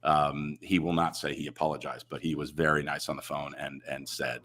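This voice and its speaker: A man, a guest on a talk show, chatting casually and telling lively anecdotes over a video call. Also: rumbling low, brisk. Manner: animated storyteller, acts out other people's lines.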